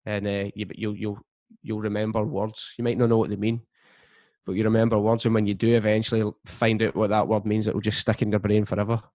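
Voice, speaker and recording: A man chatting casually on a podcast, telling stories in a steady way with frequent restarts. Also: on the low side, quick pace, hardly any pauses, no room sound, clean studio sound. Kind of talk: casual chat.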